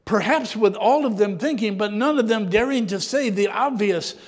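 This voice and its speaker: A man reads scripture and preaches a reflective sermon at a normal speed, often clearing his throat, his voice sometimes dropping low and soft. The recording has a long reverb tail.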